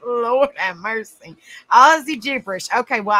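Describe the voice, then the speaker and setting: A woman's voice: a little high, animated, moderate pace, bright, forceful tone, poor audio. A woman with a Southern US accent, hosting a casual live stream, chatty and giggly as she greets viewers by name. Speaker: livestream host.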